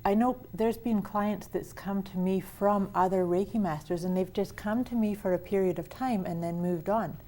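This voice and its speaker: A woman's voice: mid-range voice, normal speed, few pauses, dark tone. A woman hosting a casual conversation about wellness, talking with enthusiasm and frequent restarts. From Canada. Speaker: host.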